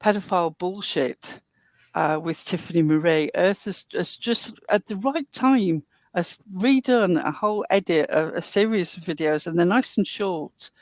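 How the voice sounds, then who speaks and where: A woman's voice: lowish voice, animated, unhurried, darkish tone, dry recording. English woman, stream co-host, blunt sweary put-downs, dry close sound. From England. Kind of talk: casual live-stream commentary.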